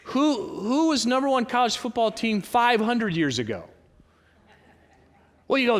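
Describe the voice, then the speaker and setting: A man preaching a sermon as pastor, conversational and animated, asking the congregation rhetorical questions. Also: sits high, normal speed, long reverb tail. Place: church sanctuary with congregation.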